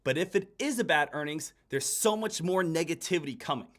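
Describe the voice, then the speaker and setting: A man's voice: on the high side, animated, fairly quick, a bit bright. A man hosting a live day-trading stream, giving urgent, repetitive commentary and addressing viewers as guys. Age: adult. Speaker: day trader hosting a livestream.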